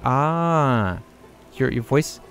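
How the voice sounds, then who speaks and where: A young man narrating his own gameplay in a chatty, amused way, reading out the choices he picks. He speaks slowly with a gravelly, creaky voice that jumps around in pitch. Faint game music hums underneath. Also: lively intonation, fairly bright tone. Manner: chatty, reads dialogue options aloud, laughs often. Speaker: let's play host. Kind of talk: casual gameplay commentary.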